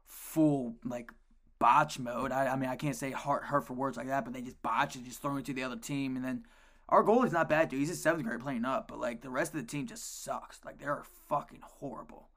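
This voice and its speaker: A man co-hosting a casual podcast, telling coaching stories in an animated way and swearing a lot. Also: mid-range voice, brisk. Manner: animated storytelling, heavy swearing. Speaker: co-host, youth lacrosse coach.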